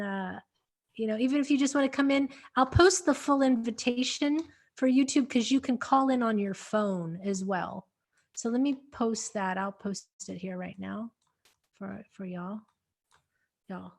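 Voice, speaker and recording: Woman, webinar host, casual chat, higher voice, easygoing, says y'all. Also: measured pace. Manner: chatty, drawls "y'all", trails off while fiddling with posts.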